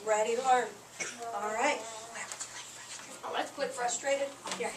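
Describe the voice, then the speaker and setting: A woman teacher giving a lively lesson to young children, acting out feelings for the class. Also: a little high, takes it slowly, slight background noise. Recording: echoey room recorded from a distance.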